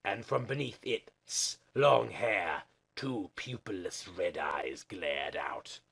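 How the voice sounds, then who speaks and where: A man's voice: deep voice, slow pace, vocal fry, a bit bright, breathy edge. A man giving a comic dramatic reading as the channel host, with an over-the-top, melodramatic delivery.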